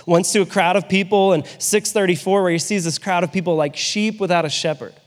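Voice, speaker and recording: A man preaching in a relaxed, conversational way, often turning to rhetorical questions. His voice sits high for a man. It trails off into the long echo of a big hall. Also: fairly quick. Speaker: pastor. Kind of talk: sermon.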